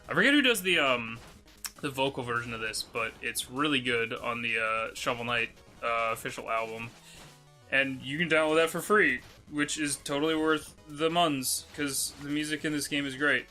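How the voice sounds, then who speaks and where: A man's voice: mid-range voice, moderate pace, sharp tone, soft background music. A man hosting a let's play, giving casual gameplay commentary in a rambling way with many fillers and casual swearing.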